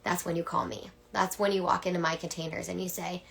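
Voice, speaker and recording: Young woman coach, low-ish voice, earnest and casual, slips into whispers. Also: little pitch movement, fast talker, a bit bright. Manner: earnest, breathy drops to a whisper; swears casually. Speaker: coach and mentor. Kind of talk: casual live-stream pitch.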